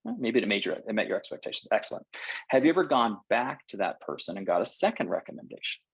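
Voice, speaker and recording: Gravelly, husky man giving a lively talk. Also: lowish voice, quick pace, dry recording, rough recording. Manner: lively, acts out quoted reactions. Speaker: cultural intelligence speaker. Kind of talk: webinar talk.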